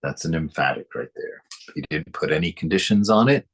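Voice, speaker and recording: A man's voice: a bass voice, lively intonation, a little fast, husky. A man reading a spiritual book aloud and commenting on it, speaking emphatically, repeating phrases and chuckling often.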